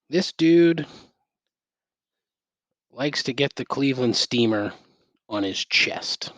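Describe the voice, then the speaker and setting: A man's voice: medium pitch, expressive, slow, pauses often, a bit bright, no echo. A middle-aged man hosting a solo podcast, ranting sarcastically and swearing constantly, wired on caffeine, talking into a headset mic at home. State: over-caffeinated. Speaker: podcast host. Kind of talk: profane solo rant. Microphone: gaming headset.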